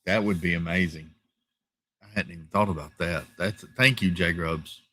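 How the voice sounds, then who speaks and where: A man hosting a casual live stream from home, reading viewer comments in a relaxed, chatty way with lots of fillers and repeated thank-yous. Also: low-pitched, moderate pace, no room sound. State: tired, yawning. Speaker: livestream host. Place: home, rural area.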